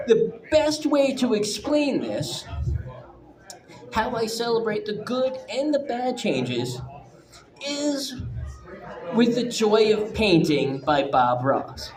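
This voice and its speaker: A man speaking slowly as he tells a personal story to a live audience. He is animated and swears casually, stumbling through many restarts. His voice rings through an echoey room with a crowd audible. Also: high-pitched.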